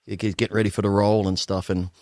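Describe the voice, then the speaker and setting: A middle-aged Australian man telling rapid, profane stories as a guest on a podcast, acting out the voices of the people he quotes. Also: on the low side, little pitch movement, darkish tone, dry recording, clean studio sound. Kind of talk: casual storytelling interview.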